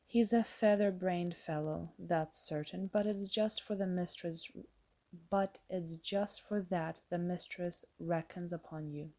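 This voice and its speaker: A woman's voice: lowish voice, steady tone, a little slow, dark tone. A woman reading the lines of a stern middle-aged male estate steward, in a blunt, questioning, bossy manner.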